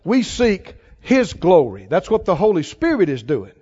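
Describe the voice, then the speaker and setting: A man's voice: high-pitched, wildly swooping pitch, moderate pace, mellow, breathy edge. A man preaching a sermon to a congregation, leading call-and-response and asking rising questions. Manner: rising, exhorting rhetorical questions. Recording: long hall reverb, dull lo-fi sound.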